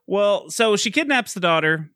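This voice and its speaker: A man with a high, bright voice that swings widely in pitch, chatting about a movie on a podcast. He talks in an animated way, laughs often and restarts his sentences. The recording is dry and close. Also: moderate pace, no echo. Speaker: podcast co-host. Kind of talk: casual movie-review chat.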